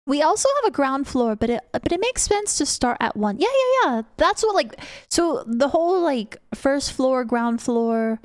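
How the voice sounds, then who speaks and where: Young British woman, high voice, unhurried casual stream chat, giggly, close dry mic. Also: big pitch swings, no echo. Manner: chatty, giggly, greets chat members. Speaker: VTuber streamer.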